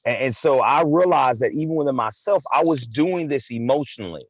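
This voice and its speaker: A male talk-show host with an expressive, medium-pitched voice chats briskly and animatedly on a live broadcast. He frequently repeats words and peppers his speech with "man" and "right." The sound is lo-fi, with no room sound.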